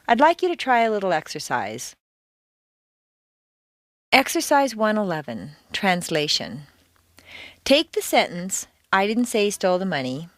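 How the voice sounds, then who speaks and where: A woman reading a scripted lesson, clear and deliberate, exaggerating stress in her examples. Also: mid-range voice, no room sound. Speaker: accent coach.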